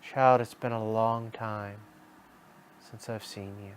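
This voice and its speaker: Gentle motherly earth goddess, voiced by a man, calling softly and tenderly, even in pitch. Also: slow pace, a little hiss or hum. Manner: soft, tender, beckoning.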